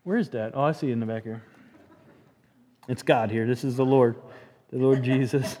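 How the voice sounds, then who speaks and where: A man preaching a sermon in a church, animated and joking, often restarting his sentences. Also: mid-range voice, moderate pace, pauses often. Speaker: pastor.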